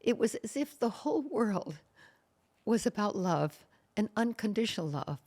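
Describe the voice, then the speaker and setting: A woman, a guest in an interview, telling a personal story in an earnest, emotional way, halting with many fillers and restarts. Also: mid-range voice, sing-song, darkish tone.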